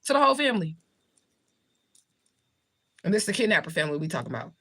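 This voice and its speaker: An American woman who does spiritual readings hosts a livestream, chatting casually and answering viewer comments. Her medium-pitched voice is sing-song, fast, fairly bright and slightly rough. She is blunt, jokey and heavily profane, laughing often.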